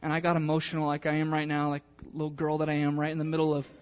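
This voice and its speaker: A man's voice: a little high, monotone, very fast, smooth. A male pastor preaching a sermon, telling a personal story in a chatty, emotional way with many fillers, then reading scripture aloud.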